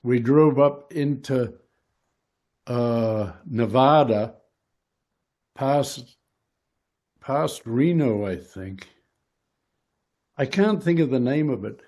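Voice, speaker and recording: A man's voice: mid-range voice, very slow, pauses often, a little mellow. An older man, a retired wrestler, telling road stories as an interview guest, rambling with many fillers. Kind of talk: casual storytelling interview.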